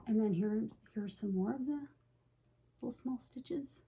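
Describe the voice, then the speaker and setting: A woman with a slightly high voice talks casually to her viewers, cooing over little stitched motifs. She gushes in a chatty way and now and then drops to a soft hush. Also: steady tone, brisk. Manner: gushing, chatty, with soft hushed asides. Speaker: cross-stitch vlogger. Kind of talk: casual show-and-tell chat.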